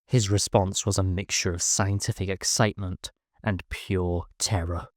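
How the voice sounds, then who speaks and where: A man reading a first-person science fiction story in a measured, dramatic storytelling manner. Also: sits low, steady tone, no echo, studio quality. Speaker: narrator. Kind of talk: scripted first-person sci-fi narration.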